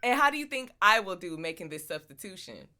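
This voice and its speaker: A woman hosting a podcast, asking questions in an animated way and laughing often. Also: medium pitch, brisk. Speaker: podcast host. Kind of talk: casual chat.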